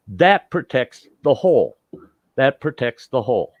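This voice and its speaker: A man's voice: mid-range voice, very animated, measured pace, dry recording, muffled recording. A man from the United States hosting a talk show, arguing insistently and repeating his points. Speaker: host. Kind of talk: heated casual debate.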